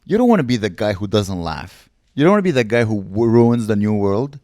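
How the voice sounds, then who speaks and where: A man's voice: on the low side, lively intonation, a little fast, warm tone, dry recording, studio quality. A man co-hosting a comedy podcast, in casual banter full of teasing and crude jokes. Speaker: podcast co-host. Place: indoor podcast studio.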